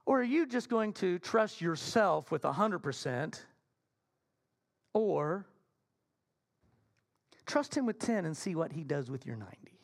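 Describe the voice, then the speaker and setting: Lively preaching man, swinging loud to hushed. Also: high voice, measured pace, pauses often. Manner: animated, playful storytelling with sudden soft drops. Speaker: senior minister. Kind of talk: sermon. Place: church sanctuary.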